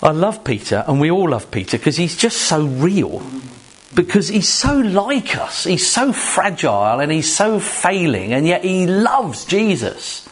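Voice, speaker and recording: Slow, lively-pitched male preacher. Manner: animated, emphatic preaching with rhetorical questions; jokes directly with the congregation. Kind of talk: sermon.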